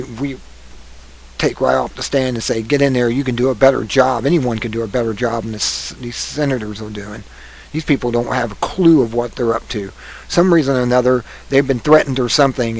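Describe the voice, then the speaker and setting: Gravelly, husky-voiced indignant American man. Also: medium pitch, poor audio. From United States. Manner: indignant, halting, stumbles over words. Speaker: political commentator. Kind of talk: angry political rant.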